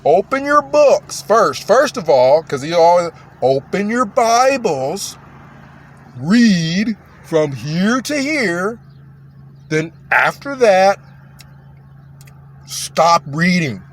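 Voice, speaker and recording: A man putting on a condescending church elder who drags out every instruction and over-enunciates each step. The voice sits a little high and moves at a crawl, patient in a way that talks down to the listener. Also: sing-song, heavily acted. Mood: patronizing. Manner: slow, over-enunciated, patronizing. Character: slow-talking condescending older male church elder.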